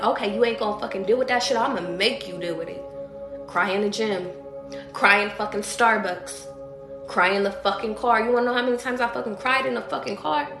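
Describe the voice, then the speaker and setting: A woman's voice: mid-range voice, fairly bright tone. A woman tarot reader goes off in a blunt, cussing live-stream rant, hammering her points home again and again. Her voice sits in the middle of a woman's range. The room rings with echo, and faint music plays underneath. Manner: blunt, profane, emphatic, repeats herself, preaches to her audience.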